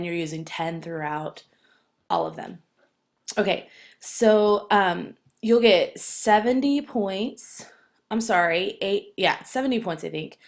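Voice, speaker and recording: A woman teacher explaining an assignment to students, firm and encouraging, with frequent fillers like "um" and "okay". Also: on the low side. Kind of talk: classroom assignment instructions.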